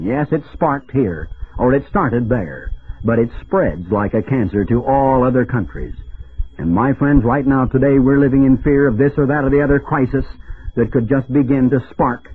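A man preaching a broadcast sermon in an emphatic, declamatory way. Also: breathy edge. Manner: emphatic, declamatory, with sweeping pitch swings. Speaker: radio preacher. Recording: tinny lo-fi radio broadcast.

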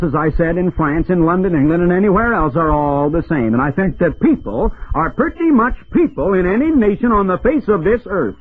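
A male radio preacher delivers his sermon with emphatic, declamatory force, his voice swinging widely up and down. The tone is somewhat husky, and the sound comes through as a thin, tinny, lo-fi radio broadcast. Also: mid-range voice.

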